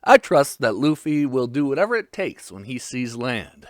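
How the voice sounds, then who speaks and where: A man's voice: medium pitch, very animated, normal speed, no room sound, close to an everyday voice. A man voicing a cool, stern male swordsman in a dry, matter-of-fact way.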